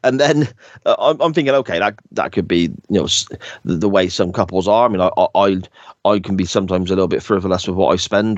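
A man's voice: deep voice, dry recording, muffled recording. A man hosting a podcast, rambling through sitcom scenes with hesitant restarts. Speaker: podcast host. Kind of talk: casual chat.

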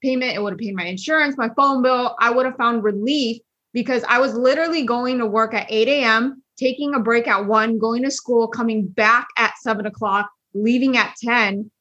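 A middle-aged woman telling how she started in business, speaking clearly and directly in a casual interview. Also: on the high side, normal speed, few pauses, sharp tone. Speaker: guest, network marketer. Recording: dull, muffled sound.

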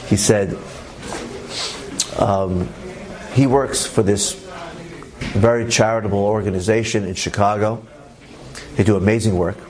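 A man's voice: lowish voice, fairly even intonation, measured pace, pauses often, a little mellow. A man, a rabbi, telling a story to a class in a conversational way and acting out the voices of the people in it. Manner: conversational, informal phrasing.

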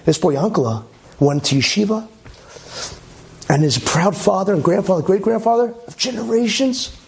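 A man telling a religious story in a lively way, with chatty asides and many okays. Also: high-pitched, moderate pace, creaky. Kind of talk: animated storytelling talk.

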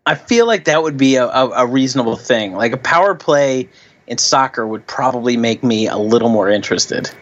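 A man's voice: mid-range voice, lively intonation, fairly quick, fairly bright tone, dull audio. A man co-hosting a comedy podcast, telling stories in a wry, casual way. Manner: storytelling, wry. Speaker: podcast co-host.

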